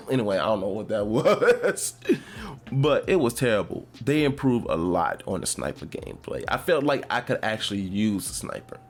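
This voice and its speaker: A man's voice: fairly low pitch, sing-song, moderate pace. A man hosting his own podcast, chatting casually and rambling about a video game, with lots of fillers and restarts. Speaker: podcast host. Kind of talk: casual gaming chat.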